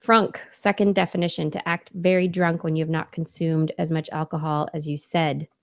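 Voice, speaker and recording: A woman's voice: deep voice, level tone, normal speed, vocal fry. A woman co-hosting a podcast in casual pre-show banter, emphatic and playfully indignant. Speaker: podcast co-host.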